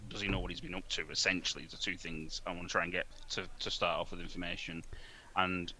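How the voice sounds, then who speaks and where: A man playing a tabletop game, thinking aloud in halting speech. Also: low-pitched, level tone, sharp tone. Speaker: player.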